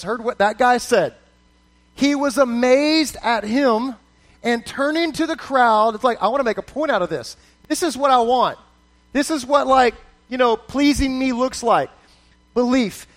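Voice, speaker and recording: A man preaching a conversational sermon to a congregation, acting out quoted prayers and often restarting his sentences. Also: extremely high pitch. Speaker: pastor.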